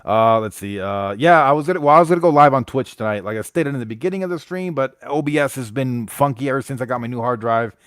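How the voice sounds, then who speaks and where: A man's voice: medium pitch, fast talker, hardly any pauses, a bit bright, clean tone, no echo, clean studio sound. A man from the United States hosting a casual live stream, greeting chat members and rambling with frequent restarts.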